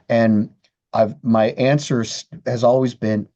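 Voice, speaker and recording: A man's voice: medium pitch, steady tone, a little slow, warm tone, lo-fi sound. A man, a guitarist guest in a casual interview, talking candidly with frequent restarts and swearing. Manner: candid, profane, many restarts.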